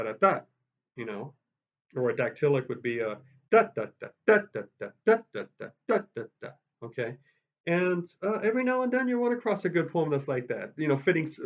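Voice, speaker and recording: A man giving a college lecture on poetry, rambling with many restarts and tapping out meter aloud. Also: mid-range voice. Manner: rambling, full of restarts and fillers, sounds out meter with "da da". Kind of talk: recorded lecture. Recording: dull lo-fi sound.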